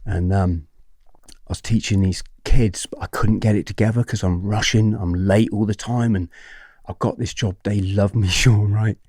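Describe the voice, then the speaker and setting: A man's voice: on the low side, steady tone, normal speed, darkish tone, breathy edge, no echo, studio quality. A man guest on a podcast, telling his story candidly and animatedly, with swearing and frequent checks with the host.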